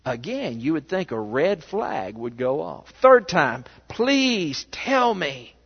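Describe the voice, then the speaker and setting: Preaching slowly in a church sanctuary, a man with a medium-pitched, slightly rough voice delivers a sermon full of animated storytelling and rhetorical questions. The sound is dull and echoes a lot.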